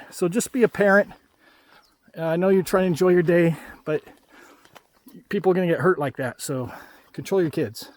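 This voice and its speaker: Man, higher voice, outdoor hiking vlogger, casual advice and gripes. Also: a little fast, no room sound. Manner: chatty, ranting friendly advice. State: out of breath after a hike. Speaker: travel vlogger. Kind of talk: casual vlog talk while hiking.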